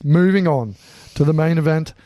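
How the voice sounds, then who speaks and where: Australian man, podcast co-host, casual chat, teasing, slightly high voice, dry close studio sound. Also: moderate pace, warm tone, dry recording. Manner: teasing, swears freely, laughs often. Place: small studio.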